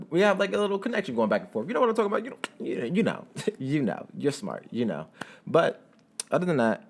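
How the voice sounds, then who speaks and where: A young man narrating a fan story and then chatting casually to his viewers, rambling and laughing, jumping into high squeaky tones when he jokes. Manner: giggly, rambling, jumps into high squeaky bits when joking.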